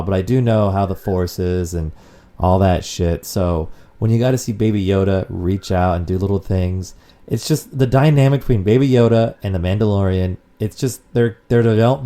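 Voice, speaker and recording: A man's voice: on the low side, warm tone. A man co-hosting a casual podcast, rambling and swearing freely as he chats. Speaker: podcast co-host.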